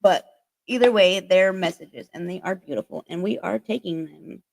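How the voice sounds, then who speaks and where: A woman's voice: fairly low pitch, moderate pace, vocal fry, dry recording. Woman doing a laid-back card reading, swears a lot, says like nonstop, dry close sound. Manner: chatty, swears freely, heavy use of "like". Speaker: oracle card reader. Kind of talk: casual spiritual card reading.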